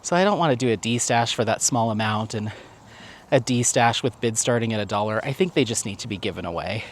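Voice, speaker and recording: A man's voice: fairly low pitch, a little fast, a little hiss or hum. A man vlogging casually while out on a walk, talking in a rambling, chatty way and laughing often. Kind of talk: casual walk-and-talk vlog. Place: outdoors on a walk.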